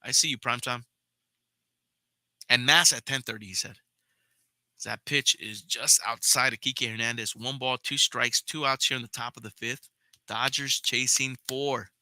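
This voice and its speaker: Young man, casual baseball play-by-play, chatty, swears, talks to viewers, tense bright voice. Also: medium pitch, steady tone, moderate pace, no echo. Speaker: podcast host and play-by-play caller. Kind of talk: casual live play-by-play commentary.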